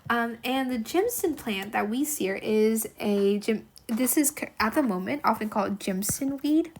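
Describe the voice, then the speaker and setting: A woman's voice: on the high side, lively intonation, moderate pace, slight background noise. A woman reading a classic novel aloud and explaining it as she goes, in a chatty, musing way full of fillers. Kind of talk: read-aloud lesson with commentary.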